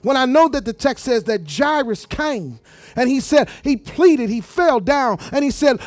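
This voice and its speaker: A man's voice: very high-pitched, lively intonation, measured pace, darkish tone, no room sound, faint music behind. A man preaching a sermon, emphatic, repeating words and phrases as he talks straight to the congregation.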